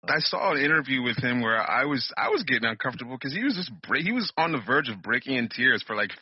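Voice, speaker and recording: A man co-hosting a podcast, talking bluntly with a husky voice, laughing often and swearing casually. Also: medium pitch, very animated, fast talker, dry recording, dull audio. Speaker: podcast co-host. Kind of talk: casual chat.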